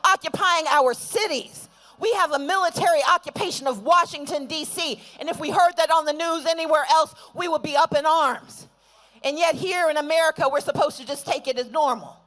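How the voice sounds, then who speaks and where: Lady at a rally mic, super high voice, shouting chants back and forth with the crowd. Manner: call-and-response chants, building to shouts. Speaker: rally speaker. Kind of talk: fiery political rally speech.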